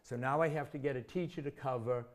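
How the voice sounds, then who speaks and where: A man's voice: medium pitch, fast. A man in his sixties from Massachusetts, a former teacher telling vivid, self-mocking stories as an interview guest. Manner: chatty, vivid anecdotes with self-deprecating humor. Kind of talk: casual storytelling in an interview.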